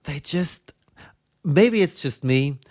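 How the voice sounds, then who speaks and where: A man's voice: on the high side, expressive, takes it slowly, darkish tone. A German man with a German accent, hosting a record show in casual chat, rambling with many fillers and self-deprecating asides. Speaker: radio show host.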